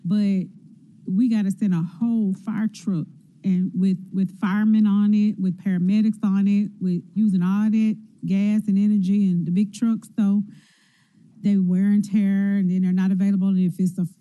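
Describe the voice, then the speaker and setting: A woman's voice: mid-range voice, level tone, normal speed, dark tone. A councilwoman, questioning officials at a public budget hearing in a folksy, conversational way. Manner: folksy, conversational, with everyday examples. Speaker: city council member. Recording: dull lo-fi meeting audio.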